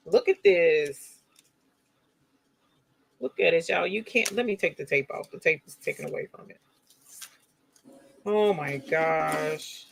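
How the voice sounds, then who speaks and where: A woman's voice: on the low side, creaky, a bit bright, a little hiss or hum. A woman hosting a crafting livestream, chatting casually and gushing to her viewers. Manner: gushing, addresses viewers as y'all. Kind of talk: casual live demo chat.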